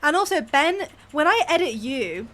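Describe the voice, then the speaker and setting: A young woman from near Birmingham with a softened Birmingham accent, chatting fast and a bit mumbly as she co-commentates a game stream. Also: high voice, very animated. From England, near Birmingham. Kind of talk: casual chat over gameplay.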